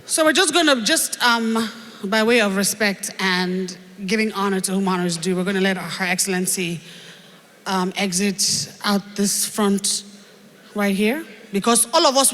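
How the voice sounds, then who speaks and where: A woman's voice: mid-range voice, normal speed, fairly bright tone. Bubbly Nigerian woman emcee in a hall. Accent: Nigerian English. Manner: bubbly, joking, playful with made-up words. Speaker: event emcee. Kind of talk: live stage hosting. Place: large event hall. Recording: reverberant hall through PA.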